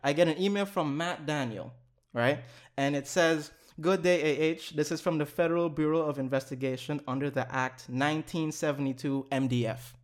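A young man casually telling a long story on a podcast, animated, swearing and laughing as he goes. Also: fairly high pitch, normal speed.

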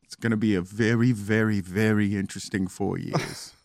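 A man's voice: fairly low pitch, steady tone, moderate pace, dry recording. A man co-hosting a podcast in casual chat, with dry, sarcastic humor. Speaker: podcast co-host.

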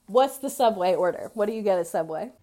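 A woman co-hosting a podcast in casual chat, animated and laughing often as she acts out quoted people. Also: mid-range voice, fast talker. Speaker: podcast co-host.

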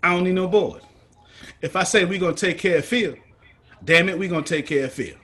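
A man's voice: high voice, a little fast, a bit bright. Emphatic preachy man teaching a group. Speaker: teacher leading a study group.

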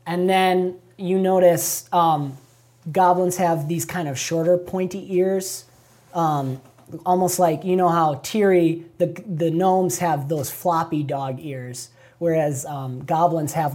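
A woman's voice: low voice, warm tone. A woman narrating as game master of a tabletop game, chatty and laughing often, with many fillers.

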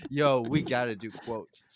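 A man's voice: mid-range voice, slow, a crowd in the background. A young man co-hosting a casual podcast, joking around and laughing often. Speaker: podcast co-host and editor. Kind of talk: casual chat.

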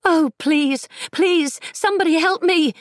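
A woman's voice: very high voice, slow pace, darkish tone, no room sound, studio quality, pitched above the performer's own voice. A woman voicing a frantic, upper-class young Englishwoman who pleads breathlessly for help.

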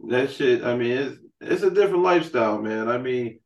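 A man's voice: mid-range voice, expressive, brisk, darkish tone, echoey room, far from the mic, muffled recording. A man hosting a podcast, telling loose, profanity-heavy road stories in casual chat. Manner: loose, profane storytelling with frequent "man" and "you know". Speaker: podcast host.

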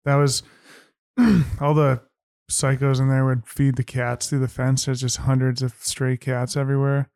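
A man's voice: mid-range voice, level tone, unhurried, vocal fry, a little mellow, no echo, studio quality. Laid-back man chatting on a podcast. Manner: laid-back, short reactions. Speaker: podcast co-host. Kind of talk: casual comedic chat.

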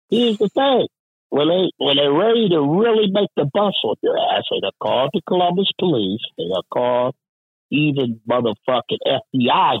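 Profane animated male storyteller, husky. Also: medium pitch, no room sound, narrow, tinny audio. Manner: profane, animated, acts out quoted voices. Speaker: union representative telling a story. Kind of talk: casual storytelling.

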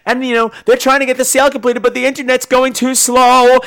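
A man's voice: extremely high pitch, a little fast, smooth. A man hosting a horror podcast, ranting sarcastically and profanely as he reviews a movie. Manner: animated, sarcastic, acts out characters. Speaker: podcast host.

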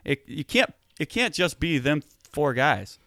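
A man co-hosting a casual football talk show, animated and getting heated as he argues his point. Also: on the high side, measured pace, no echo, studio quality. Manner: animated, gets heated and emphatic. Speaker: sports podcast co-host.

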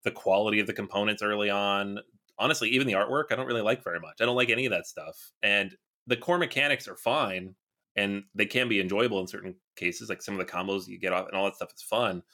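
A man's voice: fairly low pitch, fast talker, bright, forceful tone. A man giving candid, opinionated views in a casual podcast chat.

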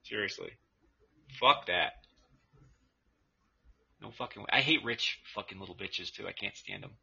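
A man's voice: on the low side, normal speed, gravelly, sharp tone, slightly rough. A man co-hosting a casual podcast, telling rambling, profane stories from his school days and laughing often. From Massachusetts. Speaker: podcast co-host. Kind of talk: casual chat. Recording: dull lo-fi with faint noise.

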